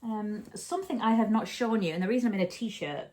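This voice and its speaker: A woman's voice: medium pitch, brisk, a little mellow. A chatty woman talking at home as she hosts a knitting podcast. She rambles, restarts her sentences and corrects herself as she goes. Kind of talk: casual chat.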